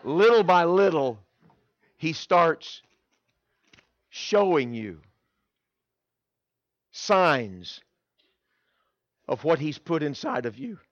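A man preaching a sermon, telling his own story in an animated way with quick restarts and repeated words. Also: on the high side, no room sound. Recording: dull, dry sound.

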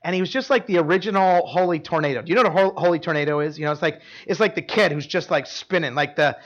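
A man's voice: on the high side, fast talker, fairly bright tone, muffled recording. A middle-aged man preaching a sermon in a conversational way, often repeating words and asking the room questions. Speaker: pastor.

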